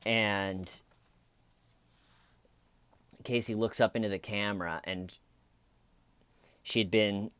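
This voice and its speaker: A man's voice: lowish voice, steady tone, slow pace, long pauses, a bit bright, clean tone, no echo. A man hosting a comedy channel, giving sarcastic true crime commentary with sighs and mocking asides. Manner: sarcastic, sighing, quoting people in mocking voices.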